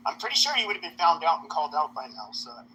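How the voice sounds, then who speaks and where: A man talks loosely in an online voice chat, his voice bright and forward. He rambles, swears freely and leans on filler words. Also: fairly high pitch, big pitch swings, racing, a little hiss or hum, rough recording. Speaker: voice chat participant.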